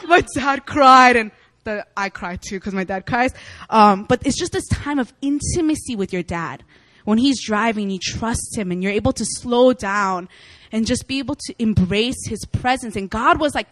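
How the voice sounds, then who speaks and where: A young woman preacher giving a casual sermon, chatty and animated, often laughing as she tells stories. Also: fairly high pitch, moderate pace, dry recording. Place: church meeting room.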